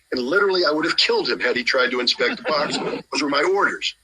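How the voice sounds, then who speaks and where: A middle-aged man telling a long anecdote in a lively way, acting out the lines of the people in it. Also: on the high side, fast, hardly any pauses, breathy edge, rough recording. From United States. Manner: lively, acts out dialogue with shifting voices. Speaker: guest telling a story. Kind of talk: animated anecdotal storytelling.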